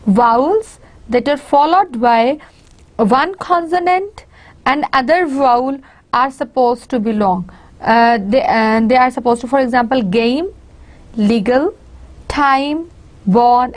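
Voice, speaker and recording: A woman with a Pakistani English accent gives a recorded university lecture. Her voice sits a little high. She explains step by step, often pausing on fillers and restarting her sentences. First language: Urdu.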